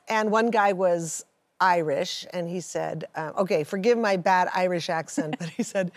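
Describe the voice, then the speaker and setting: A woman singer chatting as a guest, telling anecdotes in a lively, easy way. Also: on the low side, normal speed, no echo. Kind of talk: casual chat interview.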